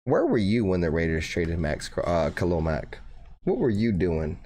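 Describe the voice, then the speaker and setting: A man's voice: deep voice, sing-song, normal speed, warm tone. A young man hosting a fan channel livestream who reads viewer comments, swears freely and keeps calling listeners bro. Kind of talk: casual livestream chat reading viewer comments.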